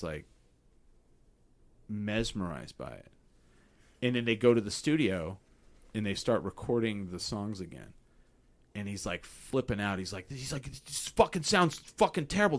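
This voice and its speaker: A man hosting a casual podcast chat, telling stories with lots of swearing and acting out what people said. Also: lowish voice. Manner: profane, animated storytelling acting out quotes. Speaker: podcast host.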